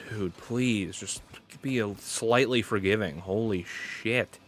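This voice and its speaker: A man's voice: fairly low pitch, normal speed, hardly any pauses, a bit bright, faint music behind. A male streamer giving frustrated live gameplay commentary, muttering, swearing and running himself down. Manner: exasperated, self-deprecating, swearing, muttering to himself. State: sweating in the heat. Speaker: gaming streamer.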